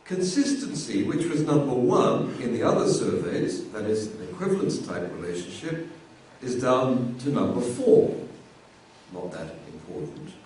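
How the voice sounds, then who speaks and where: Male lecturer, casual classroom delivery, mellow tone, recorded from a distance. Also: mid-range voice, sing-song, a little slow, slight background noise. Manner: conversational, repeats words while thinking. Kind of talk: university lecture. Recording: echoey room, voice from afar.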